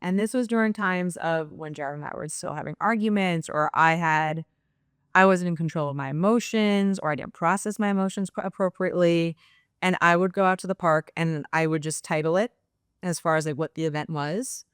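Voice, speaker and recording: A woman's voice: on the low side, a little fast, smooth, dry recording, studio quality. A young adult woman, a guest in a casual interview, talking openly and reflectively with many fillers. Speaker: guest, nurse practitioner.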